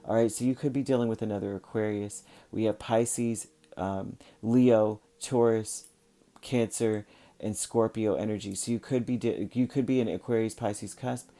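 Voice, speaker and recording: A man's voice: fairly low pitch, steady tone, normal speed, warm tone. A man giving a casual spoken tarot reading, talking straight to his viewers in a loose, coaching way with frequent fillers and restarts. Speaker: tarot reader.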